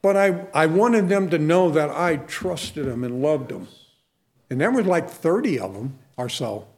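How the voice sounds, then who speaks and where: A man with a fairly high voice preaching in a fervent, folksy way. He moves between homespun stories and punchy exhortations, then eases into a closing prayer. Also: lively intonation, unhurried, darkish tone. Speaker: Christian minister.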